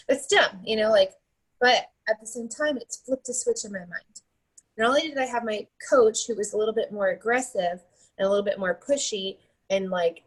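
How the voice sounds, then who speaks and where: A woman's voice: medium pitch, normal speed, rough recording. A woman in her thirties tells a motivational story in a chatty way, often tagging her points with "right?" and "like". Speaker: team leader giving a motivational talk.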